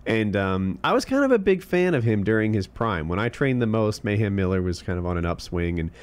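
Low-voiced male podcast co-host, relaxed, rambling delivery. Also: a little fast, clear, resonant tone. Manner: relaxed, rambling, trailing fillers. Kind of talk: casual podcast chat, reading tweets aloud.

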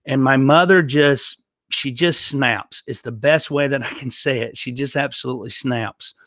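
A man's voice: medium pitch, a bit bright, no room sound, clean studio sound. A man sharing a personal faith testimony in an earnest storytelling way, often restarting his sentences. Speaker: guest.

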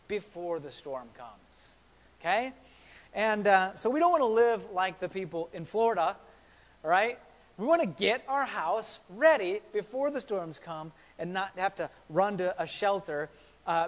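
Male pastor, high voice, chatty sermon delivery with repeated words and questions, reverberant church sound. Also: animated, measured pace. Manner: conversational, repeats words, asks the congregation questions.

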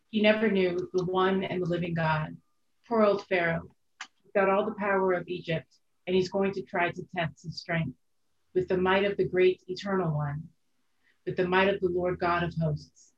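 A woman with a low voice recites a sermon poem slowly and rhythmically. The sound is roomy and echoing. The recording is dull and lo-fi. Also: fairly even intonation. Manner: slow, deliberate, rhythmic. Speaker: reader.

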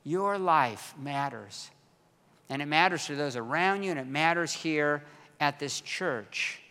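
A man's voice: fairly high pitch, expressive, a little slow, pushed and bright, clear, resonant tone, in a large hall. A middle-aged male pastor preaching a casual, self-deprecating sermon, often repeating his words as he talks.

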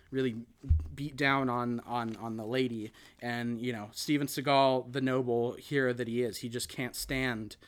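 A man's voice: medium pitch, a bit bright. A man hosting a casual podcast, recapping a movie in a rambling way, full of "you know" and "like". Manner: rambling, filler-heavy, often "you know" and "like". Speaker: podcast host.

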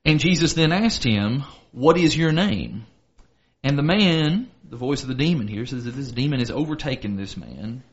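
A man's voice: mid-range voice, lively intonation, brisk, few pauses, muffled recording. A man co-hosting a casual Bible study talk, reading scripture aloud and explaining it earnestly. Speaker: podcast co-host, Bible teacher.

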